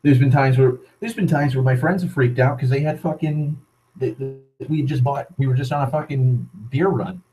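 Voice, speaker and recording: A man's voice: medium pitch, normal speed, warm tone, poor audio. Profane, sarcastic young man ranting. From Massachusetts. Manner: profane, sardonic, rambling with restarts. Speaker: vlogger. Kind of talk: casual rant.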